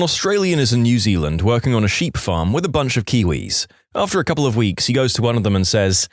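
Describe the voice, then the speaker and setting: A man telling jokes in a very lively, swooping voice, jumping in and out of the characters. The sound is dry and close to the mic. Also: mid-range voice, a little fast, dry recording. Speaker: joke storyteller. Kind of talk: reading jokes aloud.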